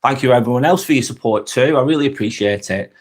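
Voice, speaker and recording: A chatty man from Northwest England with a Lancashire accent, hosting a relaxed live stream. He talks in an easy, friendly way and calls people "mate" as he answers viewers. His voice sits at an ordinary middle pitch for a man. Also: quick pace. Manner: chatty, friendly, says "mate" often, thanks viewers by name. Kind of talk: casual live-stream chat reading comments.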